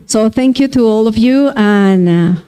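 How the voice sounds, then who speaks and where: Formal welcome speech, mellow smooth voice, careful, some ums. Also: medium pitch, unhurried. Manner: reads names carefully, with hesitant fillers and restarts. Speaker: event organizer giving welcome speech.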